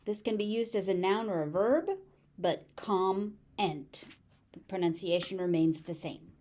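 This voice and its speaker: Woman, American accent, pronunciation lesson, unhurried word drills, warm tone. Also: medium pitch. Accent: General American. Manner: slow, deliberate word drilling with repeated examples. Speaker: pronunciation teacher.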